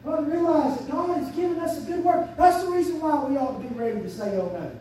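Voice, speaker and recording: A man preaching a fervent sermon as pastor, swinging from quiet asides up to loud shouts. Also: a little fast, a little hiss or hum. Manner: fervent preaching, surging to shouts and dropping low. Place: church sanctuary. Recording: very echoey church sanctuary, mic at a distance.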